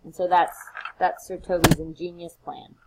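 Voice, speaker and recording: A woman's voice: lowish voice, flat delivery, normal speed, noisy background. Female lecturer, easygoing, retells each scene in everyday words with playful asides. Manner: casual, retells scenes with playful acted quotes. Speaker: literature lecturer. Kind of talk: recorded lecture.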